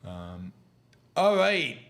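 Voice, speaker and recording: A middle-aged man hosting a livestream, answering viewer questions in a halting, argumentative way with many restarts. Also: medium pitch, sing-song. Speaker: podcast host answering live questions. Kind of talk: livestream commentary and Q&A.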